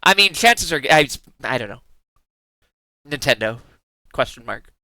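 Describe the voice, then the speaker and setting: A man's voice: medium pitch, expressive, unhurried, bright, forceful tone, no room sound. A man streaming live in casual chat, giggling often and rambling in playful asides with many restarts.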